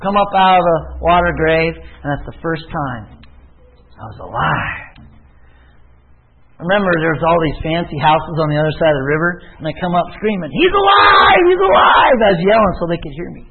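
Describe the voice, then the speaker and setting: A man's voice: a little high, fast talker, phone-quality sound, slight background noise. A man preaching a sermon, telling his own conversion story in an earnest way and pressing the listeners with rhetorical questions. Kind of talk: sermon with personal testimony.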